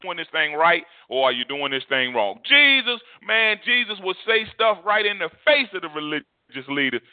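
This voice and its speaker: A man's voice: high-pitched, big pitch swings, moderate pace, no room sound. A male preacher delivering a fervent sermon, repeating phrases for emphasis. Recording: tinny phone-like dry sound.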